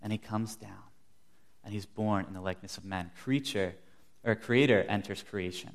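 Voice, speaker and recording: A man's voice: lowish voice, moderate pace. A young man preaching a sermon, earnest, telling stories and acting out the quotes he gives. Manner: earnest, storytelling with acted-out quotes.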